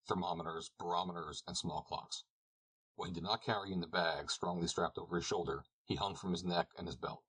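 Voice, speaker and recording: A man narrating an audiobook, reading calmly and evenly. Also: low-pitched, husky, rough recording. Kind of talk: scripted narration.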